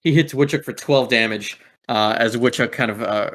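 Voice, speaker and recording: A man's voice: medium pitch, moderate pace, fairly bright tone. A man narrating as game master in a laid-back way, with many filler words.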